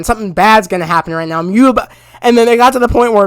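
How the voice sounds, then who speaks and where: A man recapping a TV episode in a casual, rambling way, full of "you know" fillers and bursts of loud excitement. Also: sits high, brisk, dry recording, clean studio sound. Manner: rambling, heavy on fillers, gets loud and excited retelling scenes. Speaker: show recap reviewer.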